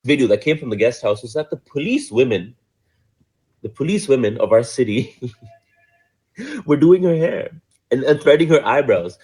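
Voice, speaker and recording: Man, husky slightly high voice, very lively pitch, casual animated storytelling. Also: a little fast. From Pakistan. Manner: animated, laughs often, acts out quotes. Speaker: commentator.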